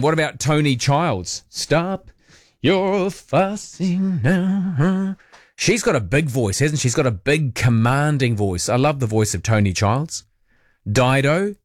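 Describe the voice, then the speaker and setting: A man's voice: medium pitch, dry recording, clean studio sound. A man with a New Zealand accent hosting talkback radio, chatting casually, reading out listener texts and drifting into rambling asides. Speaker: radio host. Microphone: studio mic.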